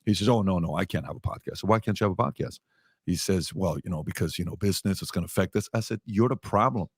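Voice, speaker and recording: A deep-voiced podcast host talks fast in a slightly rough voice in a clip with a dry recording and studio quality. In his storytelling rant he hammers home emphatic points again and again and imitates the people he quotes.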